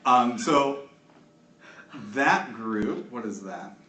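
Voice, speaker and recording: A man narrating a tabletop game as game master, chatty and loose with plenty of filler words. His mid-pitched voice sits back from the mic in an echoey room with some faint noise. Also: animated, very slow, bright, forceful tone, recorded from a distance.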